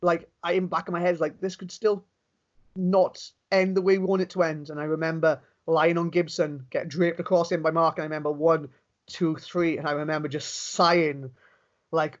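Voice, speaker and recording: Animated Welsh man, lo-fi audio. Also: fairly high pitch. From Wales. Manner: animated, quick storytelling with many restarts. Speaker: professional wrestler, interview guest. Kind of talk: casual interview storytelling.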